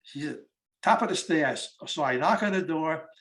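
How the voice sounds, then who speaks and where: Eighty-year-old man, lively storyteller who voices the people in his anecdotes, voice sits a little high. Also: moderate pace. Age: 80s. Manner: animated storyteller acting out conversations. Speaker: speaker interviewing war veterans. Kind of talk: storytelling talk.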